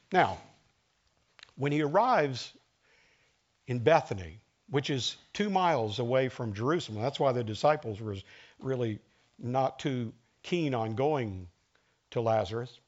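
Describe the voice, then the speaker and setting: Man, pastor, sermon, conversational preaching, fairly high voice, dull lo-fi recording. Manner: conversational preaching, acts out quoted lines.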